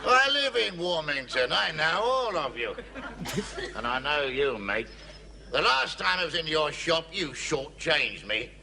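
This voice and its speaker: A grumpy bossy warden, highish voice, snapping at everyone, hissy old tv sound. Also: male voice, big pitch swings, a little slow, exaggerated voice. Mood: scornful. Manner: rude, scornful, gruff. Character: rude grumpy middle-aged warden, bullying. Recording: noisy old television audio.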